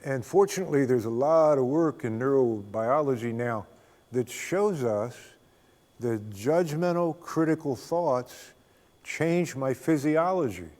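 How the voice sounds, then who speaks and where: An older man giving a spiritual talk as a guest speaker, a folksy, unhurried storyteller who often chuckles. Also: medium pitch, darkish tone. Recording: long reverb of a hall.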